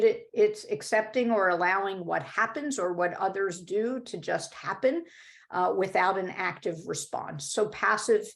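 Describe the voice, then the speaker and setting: Female webinar presenter, lowish voice with some fry, conversational teaching over a video call. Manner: explanatory, conversational, with frequent "right?" and "uh". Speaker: workshop presenter. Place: home or office video call.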